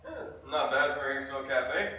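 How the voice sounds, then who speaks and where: A man's voice: medium pitch, expressive, sharp tone. An actor playing a businessman who reports matter-of-factly on a property deal. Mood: businesslike. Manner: brisk, matter-of-fact, with "uh" fillers. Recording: distant echoey room.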